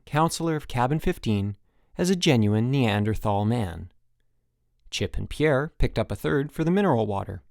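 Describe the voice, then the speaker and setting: Male audiobook narrator; expressive storyteller, dry studio read. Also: medium pitch, vocal fry, no echo. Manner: lively storytelling. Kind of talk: scripted narration.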